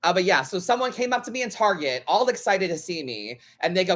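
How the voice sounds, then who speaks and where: A man's voice: high-pitched, expressive, fast talker, few pauses, a bit bright. Sassy tarot guy on a live stream, blunt, cusses, voice bounces up and down a lot. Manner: blunt, sassy, swears freely, acts out other people's lines. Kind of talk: casual live-stream chat.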